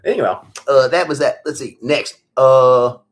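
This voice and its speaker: A man's voice: mid-range voice, moderate pace. A man hosting a casual livestream Q&A about his farm, blunt and profane, laughing as he tells stories. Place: farm in Virginia.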